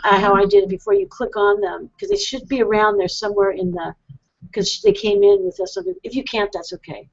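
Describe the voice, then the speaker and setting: A woman's voice: medium pitch, steady tone, fairly quick. A woman hosting a call-in psychic show, rambling and self-deprecating, laughing often as she talks. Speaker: psychic radio host. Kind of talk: casual call-in show chat. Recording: dull lo-fi web broadcast.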